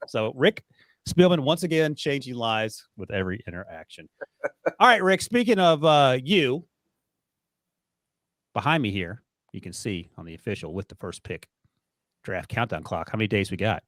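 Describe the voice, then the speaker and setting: A man's voice: mid-range voice, lively intonation, moderate pace, pauses often, fairly bright tone, dry recording. A man hosting a sports podcast in a casual, playfully teasing way. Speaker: podcast host.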